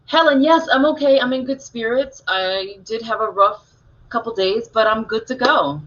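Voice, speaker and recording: A woman co-hosts a live stream in a bright, clear voice, chatty and full of stories. She reads viewer comments out loud. The audio is a little dull and lo-fi. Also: a little high, normal speed. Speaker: co-host of a live online talk show. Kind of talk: casual live-stream chat.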